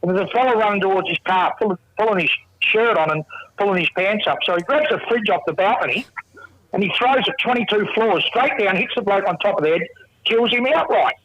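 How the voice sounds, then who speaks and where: A man's voice: high voice, a little fast, a bit bright. An Australian man calling in, telling a joke in a laid-back, rambling way. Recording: muffled phone line.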